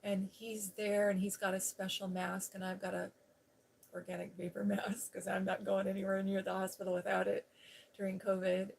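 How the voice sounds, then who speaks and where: A middle-aged woman hosting a live stream, telling a personal story in a chatty, animated way. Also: medium pitch, gravelly, a little hiss or hum.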